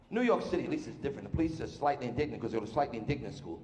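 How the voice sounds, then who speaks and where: Brash stand-up comedian on a hall stage. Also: male voice, medium pitch, lively intonation, a little mellow. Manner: brash, rapid-fire joke telling. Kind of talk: live stand-up routine. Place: live stage in a large hall. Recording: roomy live hall with faint noise.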